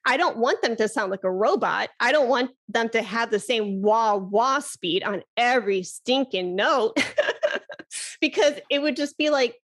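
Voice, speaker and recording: Lively woman flute teacher, slightly high voice, podcast guest chatting and laughing. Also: measured pace. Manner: animated, laughs often, demonstrates breath sounds. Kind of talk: casual podcast conversation.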